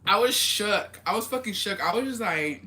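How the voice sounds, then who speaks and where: A woman's voice: medium pitch, lively intonation, moderate pace, pushed and bright. A young woman chatting casually on her vlog, telling family stories with lots of swearing and laughter. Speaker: vlogger. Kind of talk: casual storytelling chat.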